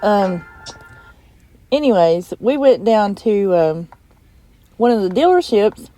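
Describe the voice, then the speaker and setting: A middle-aged woman talks in a loose, rambling, folksy way. She is heartfelt and chatty, like someone telling a family story over coffee. Her voice sits at an ordinary, middle pitch for a woman. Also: big pitch swings, slow pace, warm tone, soft background music. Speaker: crafting vlogger.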